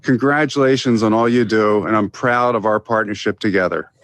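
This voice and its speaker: A company executive delivering a scripted, earnest sponsor message for a charity. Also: male voice, lowish voice, fairly quick, fairly bright tone, slight background noise.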